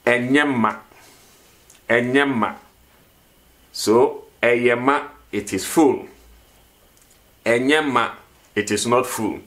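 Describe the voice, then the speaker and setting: Man, language teacher, very slow, repetitive, questioning. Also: medium pitch, fairly bright tone. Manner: slow, repeats words and asks questions. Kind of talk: vocabulary lesson.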